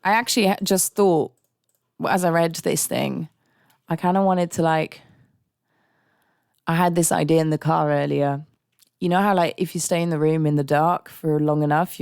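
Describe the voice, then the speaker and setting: A woman's voice: low-pitched, fairly even intonation, a little slow, gravelly, pauses often, darkish tone, smooth, no echo, studio quality. A young woman streaming live, chatting candidly and ranting with frequent laughter. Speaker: songwriting livestreamer. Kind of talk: casual livestream chat.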